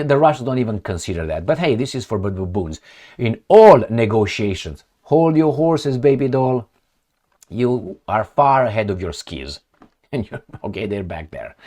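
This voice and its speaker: A man commenting on the news in a casual, mocking rant, swinging from loud emphatic bursts to low muttered asides. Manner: sarcastic and mocking, with scornful laughs. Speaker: political commentary vlogger. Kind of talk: casual rant over a map and articles.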